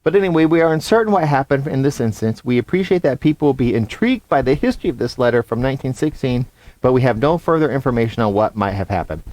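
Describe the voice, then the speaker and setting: A man co-hosts a casual podcast, reading articles aloud and chatting between them. His pitch swings widely as he talks, though it sits in the middle range. The sound is dry and close to the mic. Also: quick pace, dry recording. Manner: animated, reads articles aloud. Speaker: podcast co-host. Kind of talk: casual chat.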